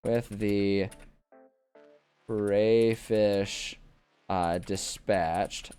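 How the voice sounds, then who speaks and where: A man's voice: fairly low pitch, moderate pace, darkish tone, clear, resonant tone, faint music behind. A man streaming from his desk at home, chatting casually and thinking aloud, rambling and correcting himself as he plans a tabletop campaign. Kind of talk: casual live-stream chat. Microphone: desk microphone.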